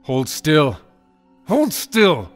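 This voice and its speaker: A man voicing a terrified blind young man who shouts and pleads in panic, in an audiobook. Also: a little high, wildly swooping pitch, extremely slow, faint music behind, pitched above the performer's own voice, exaggerated voice. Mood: panicked.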